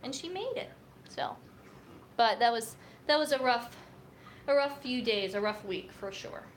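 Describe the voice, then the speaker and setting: A woman's voice: fairly high pitch, animated, a little slow, slight background noise. A woman hosting a casual livestream from a home filming corner, chatting in a rambling way with lots of fillers. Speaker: nutrition coach hosting a livestream. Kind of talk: casual live chat. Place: home room set up for filming. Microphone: camera on a tripod.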